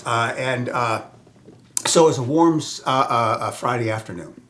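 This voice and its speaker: A man from Southern California telling a personal story in a rambling way, full of restarts, fillers and soft whispered asides. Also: medium pitch, normal speed.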